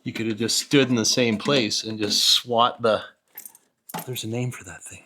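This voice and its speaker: A man's voice: mid-range voice, steady tone, moderate pace, bright, forceful tone, slight background noise. A middle-aged man in a garage, rambling and joking at his own expense while he mutters through a repair under an old vehicle. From Canada. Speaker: home mechanic host. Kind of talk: casual workshop vlog. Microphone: camera set up nearby.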